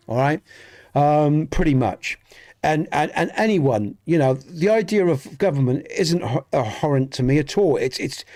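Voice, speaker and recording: Earnest Dorset-accented man, slightly high. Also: darkish tone. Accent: Dorset English. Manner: earnest, rambling, with many restarts. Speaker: gaming streamer. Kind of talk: casual chat with live viewers.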